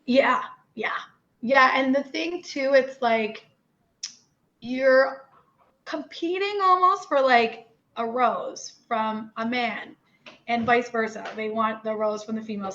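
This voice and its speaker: A woman's voice: on the high side, a bit bright. A young woman from Newfoundland with a Newfoundland accent, talking candidly and animatedly as an interview guest, full of "like" and "you know". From Newfoundland, Canada. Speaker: podcast guest. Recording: dull lo-fi audio.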